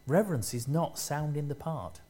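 A man preaching a sermon, speaking in short measured phrases and rising in force to stress key lines. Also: on the high side, animated, dark tone.

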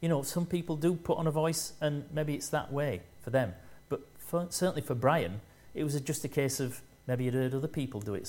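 A male preacher delivers a sermon at a medium pitch. He speaks in short, measured phrases. He leans harder on the lines he wants to land. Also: a little mellow.

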